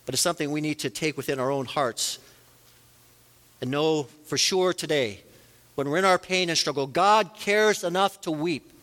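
A man's voice: a little high, moderate pace, fairly bright tone. A man preaching a sermon as a pastor, earnest, rising and falling for emphasis. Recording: long reverb of a large hall.

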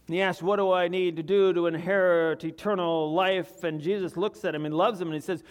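Earnest preacher man, raised pitch. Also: fairly even intonation, fairly quick, hardly any pauses, clean tone. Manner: earnest, swings from loud urgency to quiet confession. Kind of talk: sermon.

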